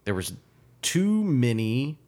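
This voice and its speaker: A man's voice: medium pitch, big pitch swings, slow, a little mellow. A man co-hosting a podcast, chatting casually with dry, wry humor. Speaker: podcast co-host. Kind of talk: casual chat.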